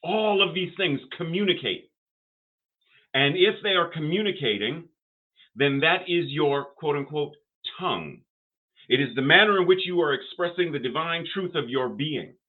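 A man's voice: on the high side, expressive. Older male minister preaching, tinny sound. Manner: preacherly, rising emphatic phrases and pauses. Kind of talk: sermon.

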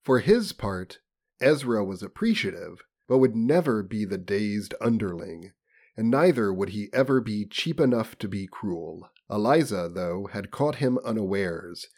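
A man with a fairly low voice reads a book aloud for a comedy podcast. His delivery is mock-solemn and theatrical. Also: lively intonation, a little slow, darkish tone. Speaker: podcast co-host reading a novel aloud.

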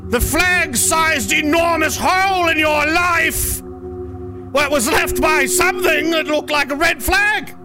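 A man voicing an ominous storybook narrator in a put-on old-fashioned accent, slow and dramatic. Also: very high voice, voice pushed up. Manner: slow, dramatic, portentous delivery.

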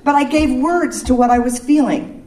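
A woman's voice: high voice, moderate pace, a little mellow. A woman giving an informal, playful sermon to a live audience, chatting with them and leading breathing exercises. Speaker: speaker at a spiritual service. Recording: echoey room, distant mic.

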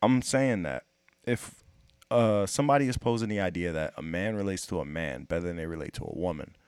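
A man's voice: low voice, fairly quick, a little mellow, smooth, no room sound. A man in casual podcast chat, profane and emphatic, pressing his point with rhetorical questions.

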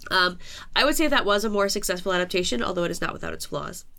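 A woman's voice: on the low side, lively intonation, fast talker, vocal fry, pushed and bright. A woman co-hosting a podcast, chatting casually from her notes, self-mocking and laughing at her own slips. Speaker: podcast co-host. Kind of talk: casual chat, talking through notes.

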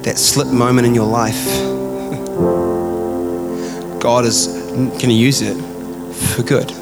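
A man delivers a sermon in a church. His voice sits at an ordinary middle pitch, and he tells his story conversationally, often circling back and restarting his phrases. Loud music plays behind him throughout. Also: little pitch movement, very slow, gravelly. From New Zealand. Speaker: pastor.

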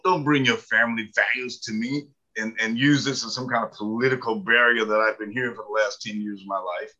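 A man's voice: medium pitch, pushed and bright, dull audio. Folksy older man telling stories. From mountains of the American South. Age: 70s. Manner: folksy, humorous, many fillers. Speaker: author and guest. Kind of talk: storytelling interview.

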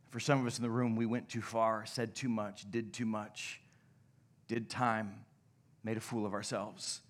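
A young adult male pastor preaching a sermon, telling stories animatedly and dropping to a hush at points. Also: lowish voice, measured pace. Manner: animated, shouts and laughs in stories, drops to a hush. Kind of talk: sermon with storytelling. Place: church sanctuary.

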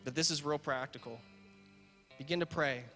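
Male pastor, earnest sermon, emphatic repetitions, long church reverb, soft guitar underneath. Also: a little high, normal speed. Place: church sanctuary.

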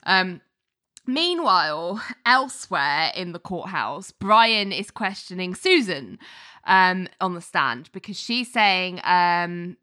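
Bright, chatty woman recapping a show. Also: on the low side. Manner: chatty retelling with acted quotes, many fillers. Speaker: podcast co-host recapping a TV episode. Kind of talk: casual chat.

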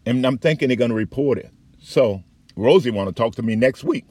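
A man's voice: medium pitch, a little fast, a little mellow, husky, dry recording. A man giving a heated, profane, rambling account of his complaints as a patient. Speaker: patient telling his story. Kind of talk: angry personal account.

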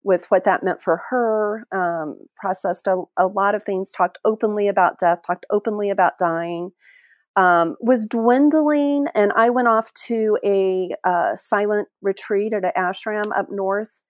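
A middle-aged woman speaking as an interview guest, her voice sitting at an ordinary middle pitch. She tells her story in a heartfelt, halting way, often breaking off and restarting. The sound is dry and close. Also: fairly even intonation, no room sound. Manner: halting, heartfelt, many restarts and trailing phrases. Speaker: interview guest, end-of-life caregiver. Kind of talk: emotional personal storytelling.

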